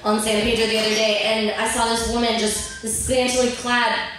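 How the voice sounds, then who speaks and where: A woman's voice: on the high side, a little hiss or hum. Young woman doing stand-up in a bar. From Virginia, USA. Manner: deadpan delivery with filler pauses, laughs at own jokes. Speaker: stand-up comic. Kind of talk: open-mic stand-up set. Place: bar stage. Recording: roomy bar audio from a distant mic.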